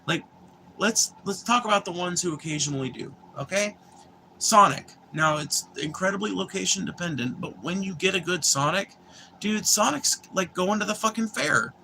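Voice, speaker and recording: A man's voice: high voice, expressive, moderate pace, gravelly, sharp tone, slight background noise. A young man, chatting casually and rambling with viewers on a livestream, swearing freely and restarting sentences. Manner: profane, meandering, restarts and filler words.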